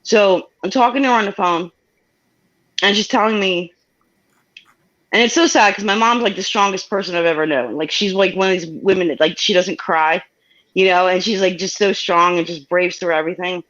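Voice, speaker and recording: A woman's voice: lowish voice, normal speed, fairly bright tone. A woman from New York telling a personal story as a guest over a video call, rambling with many restarts and getting choked up. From New York, USA. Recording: dull lo-fi call audio.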